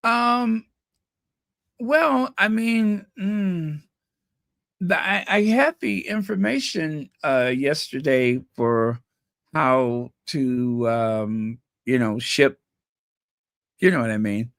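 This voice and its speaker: A man's voice: fairly high pitch, drawn-out words, gravelly, fairly bright tone, no echo, studio quality. A man hosting a live stream, chatting in a rambling, playful way and repeating words over and over as he tries out how to say them. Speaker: channel host.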